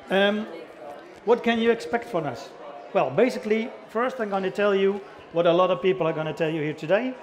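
A middle-aged man with a Dutch accent giving a chatty conference talk, asking the audience questions and joking about himself. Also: high voice. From the Netherlands. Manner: chatty, self-deprecating, engages audience with questions. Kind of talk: conference presentation. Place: conference hall.

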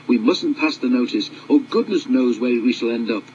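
A man's voice: mid-range voice, expressive, moderate pace, darkish tone, lo-fi sound, a little hiss or hum, lightly acted. A man voicing a stern engine driver who scolds in a cross manner.

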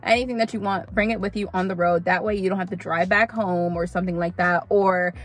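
A woman's voice: on the low side, brisk. Chatty woman vlogger calling viewers honey. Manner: chatty, animated, calls viewers honey, repeats for emphasis. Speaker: vlogger giving gig-work tips. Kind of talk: casual tips vlog talking to camera.

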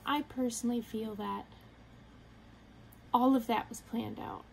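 Soft-toned young woman telling a personal story. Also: a little high, fairly even intonation, gravelly, a little hiss or hum, rough recording. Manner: earnest, halting, retelling with quoted inner thoughts. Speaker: vlogger.

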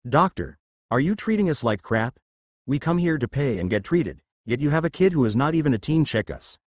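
A man voicing a loud, aggressive bare-chested male thug in an audiobook. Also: medium pitch, sing-song, brisk, no echo.

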